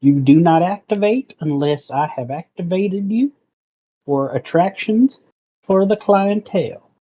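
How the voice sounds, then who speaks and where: A man's voice: sits high, animated, unhurried. A man doing a stiff, formal shopkeeper. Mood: prim. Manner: stiff, archaic politeness. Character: overly formal polite shopkeeper man, prim. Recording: dull lo-fi audio.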